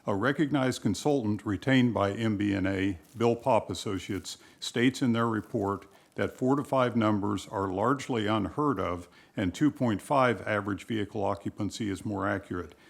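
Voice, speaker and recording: A man reading a formal, measured prepared statement as a public commenter at a city council meeting. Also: fairly low pitch, vocal fry.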